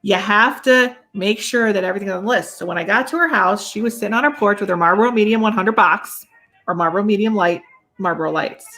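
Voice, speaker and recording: A woman's voice: mid-range voice, quick pace, sharp tone, faint music behind. Chatty woman host telling stories. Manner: chatty storyteller, acts out quotes. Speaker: podcast host and medium. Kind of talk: casual chat.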